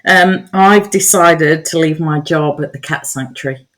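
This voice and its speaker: A woman's voice: sits low, unhurried, a bit bright. A woman with a Nottingham accent co-hosting a podcast, chatty and playful, poking fun at herself. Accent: Nottingham English. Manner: chatty, self-mocking, playful. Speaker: podcast co-host. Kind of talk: casual chat.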